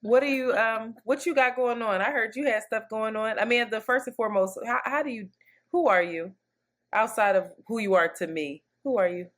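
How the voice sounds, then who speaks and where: A woman's voice: a little high, normal speed, a bit bright. A woman co-hosting a podcast in casual chat, talking in a slangy, playful, emphatic way. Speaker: podcast co-host.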